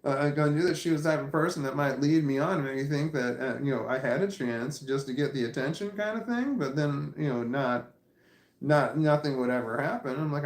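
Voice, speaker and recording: A man vlogger casually telling a story to camera, animated and profane, often repeating himself as he recounts it. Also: fairly high pitch, brisk. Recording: roomy echo.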